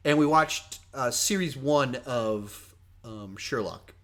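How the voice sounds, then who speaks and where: A young man hosts a casual livestream question session, talking in a rambling, self-mocking way. His voice sits at a middle pitch, and he often jumps up in energy mid-sentence. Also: slow pace, fairly bright tone. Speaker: host.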